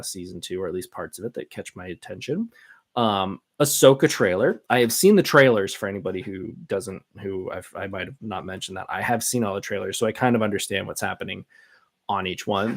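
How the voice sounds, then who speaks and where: A man with a fairly low pitch hosts a solo podcast, chatting casually and sharing his opinions in a rambling way, full of fillers and restarts.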